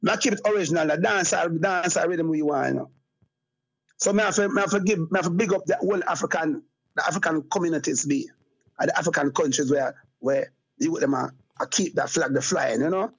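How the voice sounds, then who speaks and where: A husky, somewhat high-voiced Jamaican man talking as an interview guest. He rambles in loose patois and loops back on his own phrases. The sound is dull and lo-fi. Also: fast. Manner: rambling patois, repeats phrases like "you get me, I say". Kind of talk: casual conversational interview.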